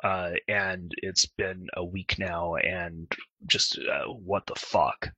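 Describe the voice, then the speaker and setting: A man's voice: sits low, level tone, takes it slowly, bright, forceful tone, husky, dry recording, muffled recording. A man hosting a casual chat for his gaming group, rambling and swearing as he gets fired up. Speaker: alliance leader hosting a fireside chat.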